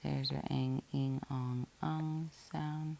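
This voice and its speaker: Slow gravelly-voiced woman teaching phonics. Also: rumbling low, flat delivery, warm tone, a little hiss or hum. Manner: patient, methodical, spells words out letter by letter. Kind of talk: slow phonics lesson, syllable by syllable.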